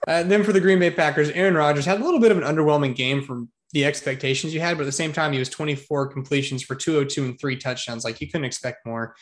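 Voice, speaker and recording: A man co-hosting a casual football podcast, jokey and excitable, full of slang. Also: a little high, fast, few pauses. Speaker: podcast co-host. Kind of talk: casual sports chat.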